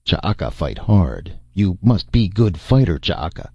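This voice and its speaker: A man's voice: low voice, sing-song, measured pace, vocal fry, dark tone, husky, dry recording, muffled recording, full character voice. A man doing a blustering, brutish tribal slaver chief. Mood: gruff. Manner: broken clipped speech, blustering. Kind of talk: audiobook character voice.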